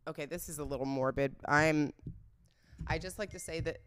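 A woman's voice: deep voice, moderate pace, a bit bright, clean tone. A young woman telling a candid, profane dating story in casual chat, giggling as she goes.

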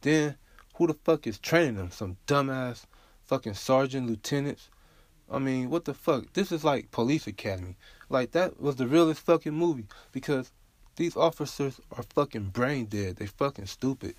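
A man's voice: medium pitch, normal speed, no room sound. A man hosting a solo podcast, talking bluntly and profanely in a casual, unfiltered way, often asking "you feel me?". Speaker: podcast host.

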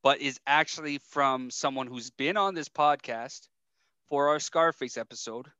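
Bright, laughing young man chatting. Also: mid-range voice, a little slow, smooth, no room sound, muffled recording. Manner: laughing, rambling storyteller. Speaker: podcast co-host. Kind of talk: casual chat.

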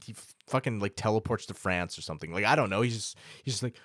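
Lower-voiced laid-back podcast co-host. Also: male voice, quick pace, fairly bright tone, no echo, clean studio sound. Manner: laid-back, swears, chimes in. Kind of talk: casual chat.

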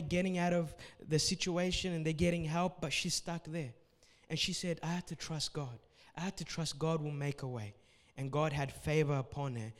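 A man's voice: fairly high pitch, long reverb tail. A man preaching as pastor at a church service, giving earnest, repetitive exhortations and closing with a prayer.

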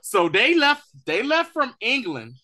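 A man's voice: very high voice, measured pace, very noisy. A man co-hosting a TV review podcast, retelling scenes in casual slang and acting out the characters' lines. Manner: animated storytelling, acts out quotes. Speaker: co-host of a TV review show. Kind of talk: casual recap chat.

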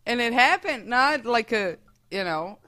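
A woman's voice: on the high side, lively intonation, a little slow, pushed and bright. A woman with an accent, a guest telling a self-deprecating story in casual chat. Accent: non-native.

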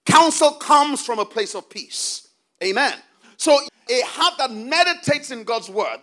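A man preaching a sermon in a strikingly high, forceful voice with a bright edge. He drives his points home by repeating phrases and pausing to ask the congregation for an answer. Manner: emphatic, repeats key phrases, asks the congregation for responses.

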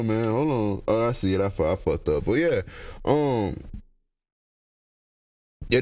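A man's voice: fairly low pitch, a little mellow. A young man hosting a casual solo podcast, talking in loose, profane slang and often trailing off into laughter. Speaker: podcast host.

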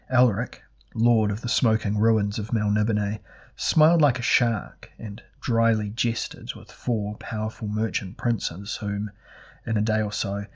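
A man narrating a fantasy audiobook in a measured, deliberate reading. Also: on the low side, husky.

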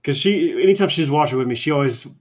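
A man's voice: on the high side, expressive, fast talker. A man co-hosting a casual wrestling chat, easygoing and telling stories with fillers. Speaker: podcast co-host.

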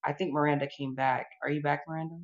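A woman's voice: low voice, little pitch movement, quick pace, muffled recording. A woman hosting a live audio chat room, welcoming and organized, keeping things on schedule. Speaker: room host.

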